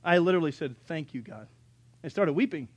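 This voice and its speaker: A male pastor telling a story in a sermon, acting out the dialogue and sometimes bursting into loud, exasperated rants. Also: on the high side, animated, brisk, husky, no echo.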